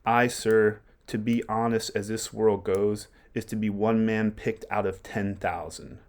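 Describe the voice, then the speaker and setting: A man's voice: fairly low pitch, steady tone, a little slow. A man reading aloud the lines of a young prince who feigns madness and mocks, in a plain reading voice.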